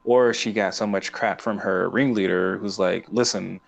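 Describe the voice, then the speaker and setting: Male co-host, chatty, laughs a lot, raspy low register. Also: steady tone, normal speed. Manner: laughs often while retelling scenes. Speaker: podcast co-host. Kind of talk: casual chat.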